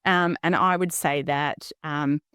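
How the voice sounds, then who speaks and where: A woman's voice: sits low, fairly even intonation, slow pace, a bit bright, clean tone, dry recording, clean studio sound. A woman, hosting her own podcast and talking earnestly and candidly, with frequent ums and "okay?" check-ins. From Australia. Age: 50s. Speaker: podcast host. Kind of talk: personal solo podcast talk.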